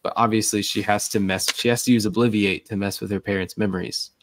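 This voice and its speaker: A man's voice: on the low side, fairly even intonation, quick pace, background noise. A man co-hosting a casual podcast over a remote call, chatting with wry, sarcastic asides. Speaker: podcast co-host.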